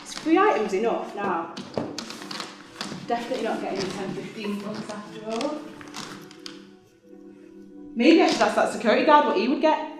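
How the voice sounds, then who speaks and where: A woman's voice: fairly high pitch, normal speed, pauses often. Woman doing a solo stage monologue, wry and chatty, really echoey theatre, bit of music. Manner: wry, lively storytelling with laughs.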